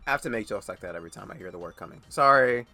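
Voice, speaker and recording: A man's voice: fairly low pitch, animated, very fast, gravelly, bright, forceful tone, faint music behind. A man giving blunt, sarcastic reaction commentary, swearing often and stammering into rants. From United States.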